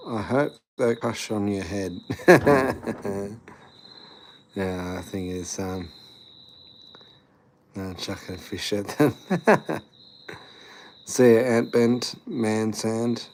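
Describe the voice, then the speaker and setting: A man's voice: fairly low pitch, slow pace, a little mellow, a little hiss or hum. A tired young man, chatting casually on a live stream, rambling with lots of fillers as he reads and answers chat. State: tired after the gym.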